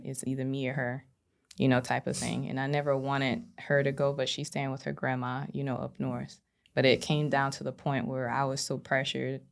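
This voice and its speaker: Low, gravelly-voiced woman telling her story. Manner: earnest, frequent "you know" fillers. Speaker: podcast guest, abuse survivor. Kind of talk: candid personal storytelling.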